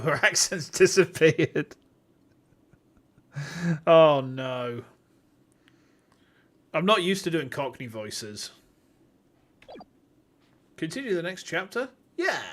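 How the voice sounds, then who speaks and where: A streamer giving casual, profane and excitable commentary while playing a game. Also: medium pitch, slow pace, long pauses. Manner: excitable, profane, bursts of loud laughter. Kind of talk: casual let's-play commentary.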